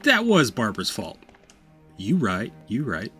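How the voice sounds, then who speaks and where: A man hosting a let's play, commenting on the game with loud, profane reactions and self-mocking jokes. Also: fairly low pitch, huge pitch swings, a little slow, soft background music. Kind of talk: gameplay commentary.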